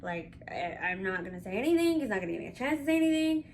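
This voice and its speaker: A woman vlogger telling a story in a casual, animated and candid way, swearing freely. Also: a little high, fast talker, a little hiss or hum.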